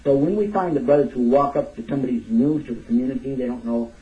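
Guy preaching casual and emphatic, jumps up high on key points, sounds far off and muffled. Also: quick pace. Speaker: Islamic teacher. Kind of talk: lecture sermon. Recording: distant dull lo-fi recording.

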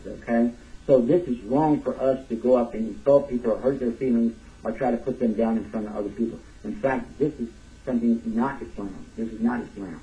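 Male religious teacher, casual emphatic sermon, distant dull lo-fi recording. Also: warm tone. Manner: emphatic, casual, with sudden high bursts. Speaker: Islamic teacher. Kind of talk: lecture sermon.

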